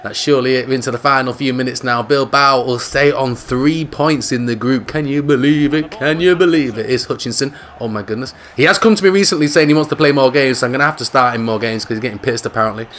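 A man giving casual, jokey commentary over his own football video game, loud and excitable at big moments. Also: medium pitch, quick pace, hardly any pauses, a little hiss or hum. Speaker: gaming YouTuber.

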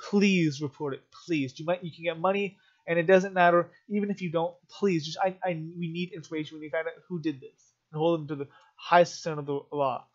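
A man's voice: on the high side, fairly even intonation, fairly quick. Emotional man with a dull, lo-fi sound. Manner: emotional, stumbling restarts. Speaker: political commentary vlogger. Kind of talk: rambling commentary while reading articles.

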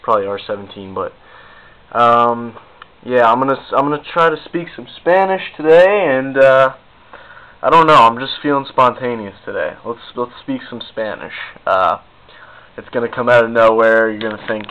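A man's voice: mid-range voice, lively intonation, moderate pace, bright, forceful tone, dull audio. A young man rambling casually to the camera in a goofy, self-mocking vlog. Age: young adult. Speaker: video blogger.

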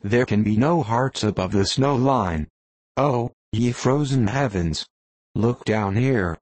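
A man's voice: medium pitch, slow, darkish tone, no echo. A man voicing an obsessed old sea captain in an audiobook, speaking in grand, archaic declamations. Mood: impassioned.

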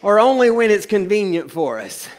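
A man preaching from the pulpit in a high, ringing voice. He rises to loud, drawn-out declarations, then drops low and quick for playful asides to his congregation. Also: big pitch swings. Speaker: pastor. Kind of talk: sermon. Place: church sanctuary.

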